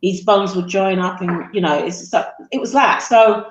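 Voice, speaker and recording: A woman speaks as an interview guest, halting and full of fillers and restarts. Her voice sits in a roomy space and sounds slightly dull. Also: medium pitch. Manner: halting, tearful, with self-deprecating jokes. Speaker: guest, mother. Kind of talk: emotional interview.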